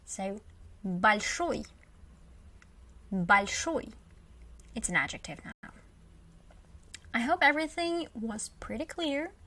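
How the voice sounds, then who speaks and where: Russian-accented woman teacher, slow and patient, a touch high, beginner lesson. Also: very animated, bright, forceful tone. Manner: slow, patient, repeats example words with emphasis.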